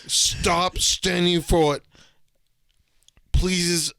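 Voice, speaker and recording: A man co-hosting a podcast, telling a story in casual chat, animated and profane, jumping into voices as he acts it out. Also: extremely slow, gravelly, clean tone, no room sound. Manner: animated, swearing, acts out voices with big pitch jumps. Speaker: podcast co-host.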